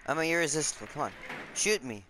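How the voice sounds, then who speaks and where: A young man chatting casually over his own gameplay, jumpy and quick to yelp when startled. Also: a little high, expressive. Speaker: gamer streaming his match. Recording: noisy game audio behind voice.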